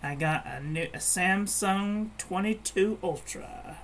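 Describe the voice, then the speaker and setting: A woman's voice: medium pitch, slow, slight background noise. A woman chatting casually while she crafts at home, rambling and meandering, with frequent restarts. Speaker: crafting vlogger.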